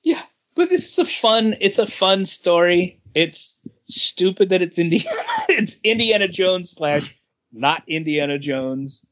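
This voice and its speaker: A man with a fairly high voice talks comics on a podcast in an easygoing, agreeable manner. The audio is dull and lo-fi. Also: sing-song, a little slow, fairly bright tone. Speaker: podcast co-host. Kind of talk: casual comics podcast chat.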